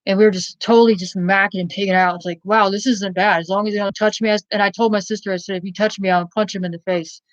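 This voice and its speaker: A woman's voice: mid-range voice, fairly even intonation, fast, few pauses, no room sound, highs cut off. A woman casually telling a personal story in a blunt, rambling way, with many fillers and some swearing.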